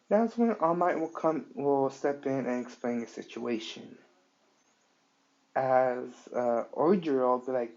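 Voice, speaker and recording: Halting man telling a fan story, slow. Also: medium pitch, darkish tone. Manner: halting, many fillers. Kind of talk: improvised fan story narration. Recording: dull lo-fi recording.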